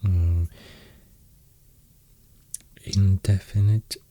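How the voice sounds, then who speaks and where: Man, Swedish accent, soft-spoken ASMR, half-whispered, very dark mellow tone, slow and unhurried, hesitant fillers. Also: deep voice, flat delivery. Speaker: ASMR host explaining runes.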